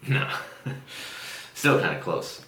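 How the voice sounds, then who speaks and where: A man's voice: medium pitch, sing-song, extremely slow, bright, forceful tone, a little hiss or hum. A man hosting a casual podcast chat, swearing freely and laughing often as he tells stories. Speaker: podcast host. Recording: roomy echo.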